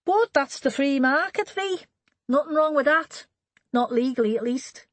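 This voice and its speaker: A woman's voice: sits high, expressive, measured pace, fairly bright tone, dry recording, pitched above the performer's own voice. A woman voicing a genial middle-aged man who gossips in a chatty, wry, knowing way, in an audiobook reading.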